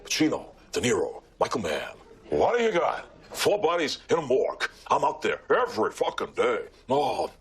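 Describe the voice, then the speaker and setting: A Welsh man doing a raspy, hot-tempered tough-guy impression, swinging between mutters and barks. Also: medium pitch, huge pitch swings, normal speed, voice pushed up, full character voice. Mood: heated. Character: hot-headed gravelly American tough-guy, middle-aged male. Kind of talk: comic impression at a dinner table.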